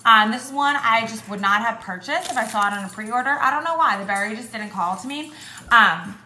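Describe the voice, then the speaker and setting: A woman's voice: a little high, expressive, a little fast, pushed and bright. A young woman chatting casually at home, reviewing products with lots of fillers. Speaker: beauty vlogger. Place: home with dogs. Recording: echoey room, faint noise.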